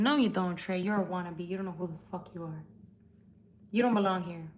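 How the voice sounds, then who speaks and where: A woman's voice: on the low side, a little fast. A woman hosting a live tarot stream, talking bluntly and swearing as she calls out viewers. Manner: blunt, profane, confrontational. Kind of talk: casual live-stream chat. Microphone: phone.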